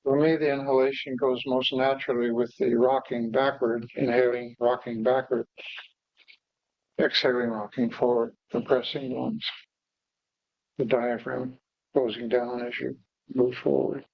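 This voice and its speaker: A man teaching meditation, guiding breathing exercises slowly and haltingly, with pauses and fillers. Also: mid-range voice, level tone, vocal fry, no room sound. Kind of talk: guided breathing instruction. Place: meditation hall. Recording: dull, dry lo-fi recording.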